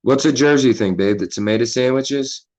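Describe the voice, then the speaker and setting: Casting: relaxed Philly guy, loose and profane streaming chatter, mid-pitched voice. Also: moderate pace. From Philadelphia. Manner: laid-back, profane, reading chat aloud. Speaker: livestream host. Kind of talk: casual livestream chat.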